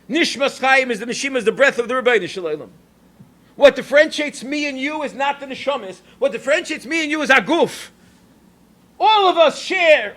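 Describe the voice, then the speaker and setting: A man with a very high, bright voice delivers a Torah lecture as a rabbi. He moves between storytelling and teaching, and he slips Yiddish and Hebrew phrases into his English. Now and then he rises to emphatic calls.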